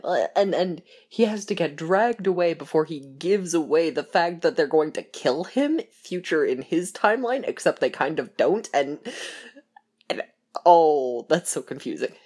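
A woman's voice: fairly low pitch, a little mellow. A young woman chatting casually about a TV show, rambling and laughing as she acts out lines in little voices.

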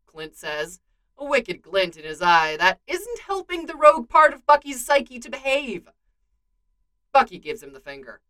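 Woman narrator, fan fiction reading; bright tone, animated, slightly high. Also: a little slow. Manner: expressive storytelling.

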